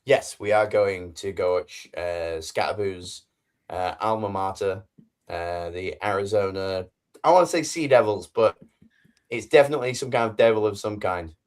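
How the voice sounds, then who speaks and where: A man's voice: on the low side, normal speed, darkish tone. Guy joking around on a sports podcast, rambly chat. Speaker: podcast co-host. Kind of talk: casual chat.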